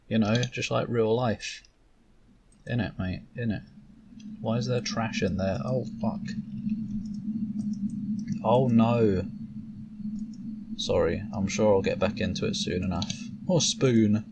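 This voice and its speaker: A man's voice: on the low side, normal speed. A man giving casual, sarcastic commentary as he plays a game, reading the game's text aloud and swearing now and then. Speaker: gameplay commentator. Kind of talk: casual let's-play commentary. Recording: loud noise, distant mic.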